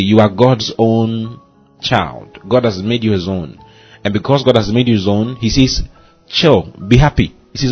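A man's voice: on the low side, husky, dull audio. A man pastor hosting a short devotional sermon, preaching emphatically and repeating key phrases. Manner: emphatic preaching, repeats phrases, says "you see" and "hallelujah" often. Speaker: pastor and host.

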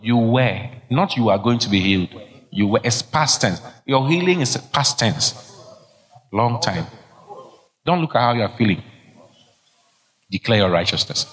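A middle-aged man preaches with emphatic, exhorting force, driving his points home by repeating them. His voice sits at an ordinary mid pitch. The sound carries the long reverb of a large church hall. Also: animated, unhurried, pauses often. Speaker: pastor. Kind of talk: sermon.

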